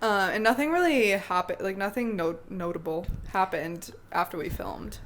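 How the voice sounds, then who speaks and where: A woman's voice: medium pitch, moderate pace, a bit bright. A young woman co-hosting a podcast, agreeable and chiming in with short replies in casual chat. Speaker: podcast co-host.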